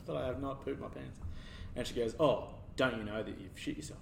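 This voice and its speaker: A man telling a hospital story in casual chat, growing animated and laughing as he goes. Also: medium pitch, normal speed, creaky. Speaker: podcast guest. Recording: roomy, distant, faint background noise.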